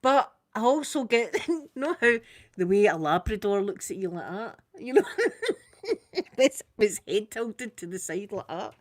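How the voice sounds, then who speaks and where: A Scottish woman chatting casually through a makeup ASMR video, quick and soft-spoken with frequent laughter. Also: medium pitch, animated. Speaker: ASMR creator doing makeup.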